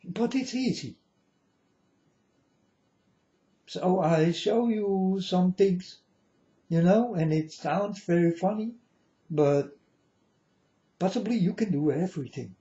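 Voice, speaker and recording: Man putting on a high thin old-man voice, singsong, drawn out, dull lo-fi sound. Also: unhurried, warm tone. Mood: boastful. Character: high-pitched put-on voice of an eighty-year-old man. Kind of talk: showing off a put-on voice. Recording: dull lo-fi recording.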